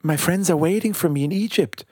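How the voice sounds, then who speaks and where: A man's voice: a little high, a little fast, a little mellow, slightly rough, dry recording, studio quality, voice pushed up. A man voicing a small, kind-hearted male bird in a storybook reading, with a light, wondering manner. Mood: concerned.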